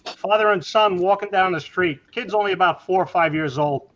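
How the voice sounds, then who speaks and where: A man's voice: high-pitched, moderate pace, fairly bright tone, dull audio. A man telling a joke in casual chat, voicing a child in quotes along the way.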